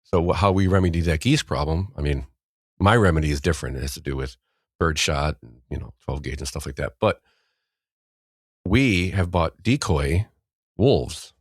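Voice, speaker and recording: Middle-aged Midwestern man, very low voice, rambling storyteller, dry close mic. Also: expressive, moderate pace, breathy edge, no room sound. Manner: rambling storyteller, acts out quotes loudly. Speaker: podcast co-host. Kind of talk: casual chat.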